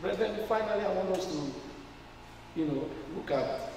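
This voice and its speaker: Nigerian preacher in an echoey church. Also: male voice, sits high, expressive, normal speed, a little hiss or hum. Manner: call-and-response preaching, building to shouts. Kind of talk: sermon. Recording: echoey church hall, mic far off.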